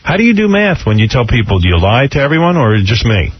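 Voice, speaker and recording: A man's voice: mid-range voice, big pitch swings, quick pace, slight background noise. A male radio host berating a caller in a sarcastic, scolding manner. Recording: lo-fi radio broadcast.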